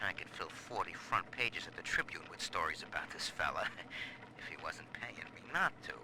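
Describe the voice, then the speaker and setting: A man's voice: deep voice, very animated, normal speed, noisy background. An actor playing a male reporter in a game audio diary, telling his story in a wry, sardonic way. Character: adult male journalist recording a cynical diary.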